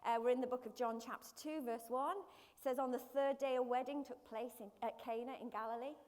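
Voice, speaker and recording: A woman preacher delivers a lively church sermon in a high, bright voice. Captured on a live stream, her words echo with the long reverb of a big hall, and she slips into quick, everyday voices to drive her points home.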